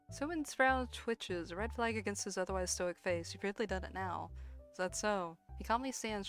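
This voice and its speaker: A woman's voice: medium pitch, a bit bright. A woman streamer playing a game, reading its text aloud and commenting casually, giggling and swearing freely.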